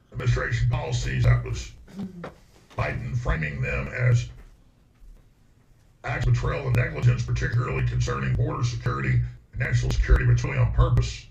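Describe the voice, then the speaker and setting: A gravelly man hosting a political talk show, his pitch swinging up and down as he pushes his points hard. He sounds far from the mic in a roomy space. The sound is dull, with faint music underneath. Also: huge pitch swings, brisk, a little hiss or hum. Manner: emphatic, repeats words when worked up.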